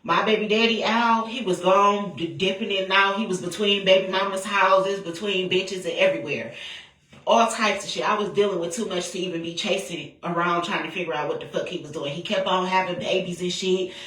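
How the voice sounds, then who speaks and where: A woman's voice: medium pitch, fairly even intonation, a little fast, fairly bright tone. A woman, telling a personal story in a candid, profane, rambling way. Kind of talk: casual storytelling. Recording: roomy, distant from the mic.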